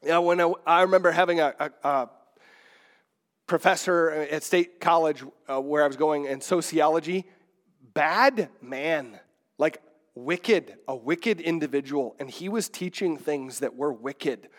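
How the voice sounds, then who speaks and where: A man's voice: a little high, a little slow. A middle-aged man, a pastor, preaching a sermon in a conversational, digressive way with many restarts.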